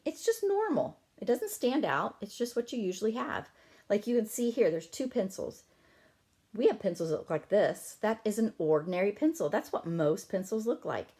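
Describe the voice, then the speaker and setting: Animated woman teacher stretching words for kids. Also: fairly low pitch. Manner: stretches words out slowly for children to guess; gentle, encouraging classroom tone. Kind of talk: reading a picture book aloud to young children.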